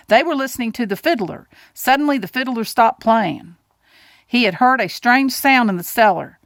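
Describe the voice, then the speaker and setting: Animated woman reading a picture book. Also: mid-range voice, normal speed, dry recording. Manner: animated, doing character voices and adding asides to listeners. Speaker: storybook reader.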